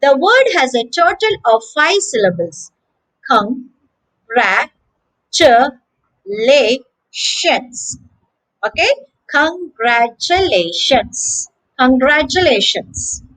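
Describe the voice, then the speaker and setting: Female teacher for a kids' pronunciation lesson: animated, sing-song delivery, breaks words into syllables. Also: sits high, normal speed, few pauses, rough recording. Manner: syllable-by-syllable, encouraging, addresses children. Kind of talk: slow drilled pronunciation lesson.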